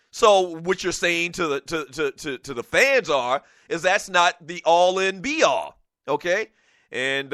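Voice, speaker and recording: A man hosting a call-in sports talk show, talking in an animated, casual way, laughing often and dropping "man" into his sentences. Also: on the high side, no room sound, studio quality.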